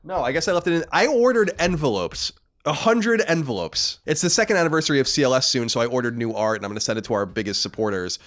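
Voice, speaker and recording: Fast-talking man co-hosting a podcast. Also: medium pitch, very animated, a bit bright. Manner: loose, joking, swears. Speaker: podcast co-host. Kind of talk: casual podcast chat reading news.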